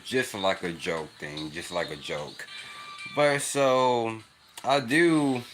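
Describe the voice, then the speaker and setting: A young man rambling and laughing in a casual livestream chat with a child nearby. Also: on the low side. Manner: rambling, repetitive, laughs often. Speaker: livestream host.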